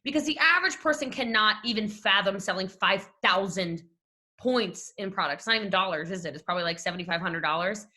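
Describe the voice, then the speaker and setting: A woman with a Southern US accent giving an animated, gushing motivational talk on a video call from her home desk. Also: medium pitch, fairly quick. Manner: animated, gushing, talks straight to listeners. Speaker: team leadership speaker.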